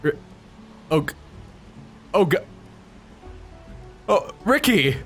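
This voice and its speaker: Excitable man commenting on a game. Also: medium pitch, normal speed, soft background music. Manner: excitable, jokey, animated. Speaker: let's play host.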